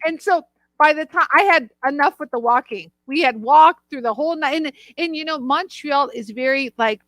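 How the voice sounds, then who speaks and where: A woman from Los Angeles co-hosting a casual chat show, telling animated stories and reading viewer comments aloud. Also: sits high, normal speed, dry recording. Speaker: co-host. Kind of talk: casual live-stream chat.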